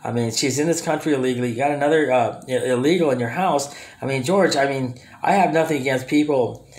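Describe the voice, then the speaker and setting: A man's voice: medium pitch, fast talker, a little mellow. A man ranting to camera in a confrontational way, speaking directly to absent people and often restarting his sentences. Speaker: vlogger. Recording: roomy echo.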